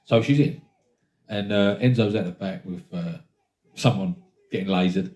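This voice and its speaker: A man's voice: low voice, moderate pace. A man hosting a podcast, swearing freely and laughing as he tells rowdy stories in casual chat. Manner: animated storyteller, swears freely, laughs along. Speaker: podcast host. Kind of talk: casual chat, anecdote telling. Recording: roomy echo.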